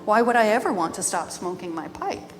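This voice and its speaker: A woman voicing a calm, self-assured old man who sits smoking a pipe on a mountaintop, told live with music underneath. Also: mid-range voice, brisk, lightly acted. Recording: live with long reverb and background music.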